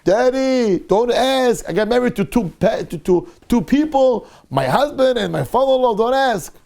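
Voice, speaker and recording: A man's voice: very high-pitched, animated, normal speed, vocal fry, darkish tone, pitched above the performer's own voice, full character voice. A man voicing a distressed young married daughter, insistent and repeating herself as she pleads with her father. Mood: pleading.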